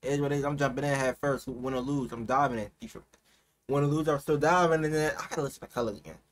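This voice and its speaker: A man hosting a reaction video, talking casually with lots of slang and swinging into loud, excited outbursts. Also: mid-range voice, rapid-fire. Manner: slangy, keeps saying "you feel me".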